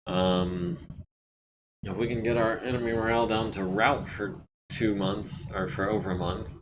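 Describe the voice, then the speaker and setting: Man, lowish voice, scratchy throat, relaxed game commentary, audible background hiss. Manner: relaxed, thinking aloud while managing repairs. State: scratchy throat, clearing it often. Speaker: streamer playing a strategy game. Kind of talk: casual let's-play commentary.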